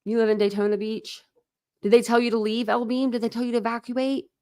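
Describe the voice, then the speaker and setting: A woman's voice: fairly high pitch, little pitch movement, a little fast, dark tone, clean tone. Chatty woman hosting a livestream. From Ohio, USA. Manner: chatty, rambling, frequent fillers. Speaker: livestream host. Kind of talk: casual livestream chat.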